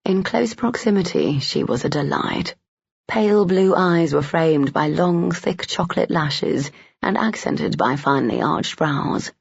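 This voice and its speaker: A man reading a historical romance novel aloud in steady, even storytelling narration. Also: a little high, unhurried, vocal fry, slightly rough, dry recording. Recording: dull lo-fi dry audio.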